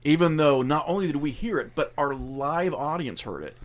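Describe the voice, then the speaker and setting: A man's voice: a little high, expressive, normal speed. Man hosting a paranormal chat show. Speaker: podcast host. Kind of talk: casual chat.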